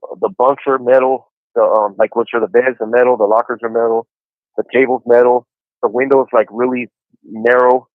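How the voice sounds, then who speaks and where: An incarcerated man in his forties, with a mid-range voice, speaks briskly and with little pitch movement in a casual phone call to a podcast. He relates his story easily, sprinkling in lots of "you know." The tinny prison handset audio has no room sound.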